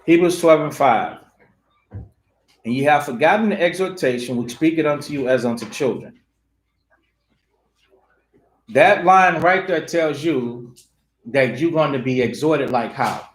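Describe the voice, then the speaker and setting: High-voiced man preaching in an echoey room. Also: moderate pace. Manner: emphatic, rhetorical questions, repeats phrases. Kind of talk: preaching scripture study. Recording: roomy echo.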